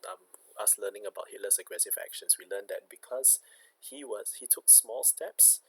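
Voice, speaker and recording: A man's voice: lowish voice, moderate pace, husky, rough recording. A man teaching a recorded history lesson, explaining step by step and checking in with "okay".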